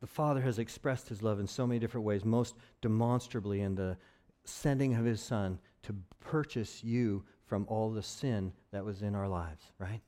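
A man's voice: on the low side, normal speed, warm tone. A man preaching a conversational sermon as pastor, with joking asides to his congregation.

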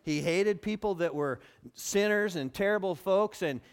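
A pastor preaching a sermon, acting out quotes and building to near shouts. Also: male voice, sits high, unhurried, clear, resonant tone. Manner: animated, acts out quotes, rises to near shouting.

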